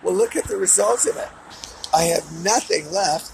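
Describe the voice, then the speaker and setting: A man with a somewhat high, gravelly voice rants furiously at the camera, swearing often. He delivers a weekly update as an angry monologue, with a faint hiss under the sound. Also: normal speed, rough recording. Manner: furious, profane ranting. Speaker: vlogger giving a weekly update.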